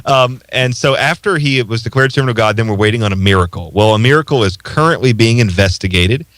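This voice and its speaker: A man's voice: lowish voice, fairly bright tone, no echo. A man who is a priest, co-hosting a casual talk show, conversational and joking. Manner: conversational, quick jokes, frequent restarts. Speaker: priest co-host. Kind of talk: casual chat.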